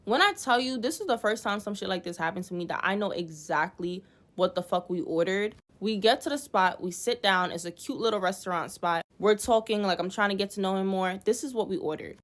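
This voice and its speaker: A young woman recounts a bad date in a casual storytime, animated and exasperated, with frequent swearing. She acts out what others said as she goes. Her voice sits at an everyday pitch. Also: brisk. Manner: animated, profane, exasperated retelling with acted-out quotes.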